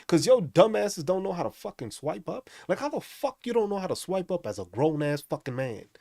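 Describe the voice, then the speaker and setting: A man's voice: sits high, sing-song, fairly quick, gravelly, mellow, no room sound, studio quality. A man hosting a profane, angry rant, mocking the people he talks about. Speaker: host. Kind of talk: profane ranting commentary.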